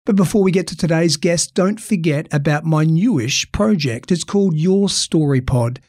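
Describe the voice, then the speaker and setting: A man with an Australian accent hosting a podcast interview, reading his intro in a measured, emphatic way. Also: on the high side, darkish tone, no echo, clean studio sound. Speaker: podcast host.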